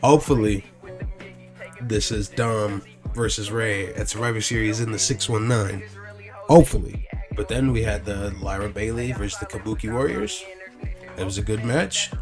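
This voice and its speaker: A man's voice: lowish voice, normal speed, pauses often, over music. A young man casually recapping wrestling shows, rambling, swearing, restarting sentences and acting out what others said.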